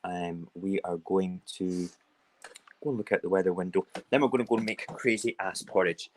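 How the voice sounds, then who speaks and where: A man chats his way through a relaxed morning live stream, rambling and playful as he talks. His voice sits a little low, and it is picked up by a phone in a home kitchen with faint noise behind it. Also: moderate pace, low-quality recording.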